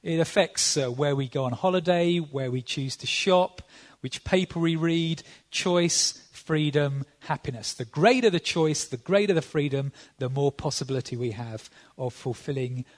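A man's voice: on the high side, normal speed. A man, a visiting preacher giving a sermon in a conversational, dry-humored way with frequent fillers.

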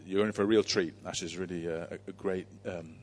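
Man, low flat voice, church leader, halting intro and prayer. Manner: halting, many fillers.

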